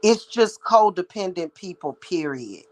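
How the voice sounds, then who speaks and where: A woman's voice: on the low side, expressive, a little slow, darkish tone, low-quality recording. A woman who works as a psychic reader, ranting to her viewers in a blunt, heated, profane monologue. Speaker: psychic reader and spiritual practitioner.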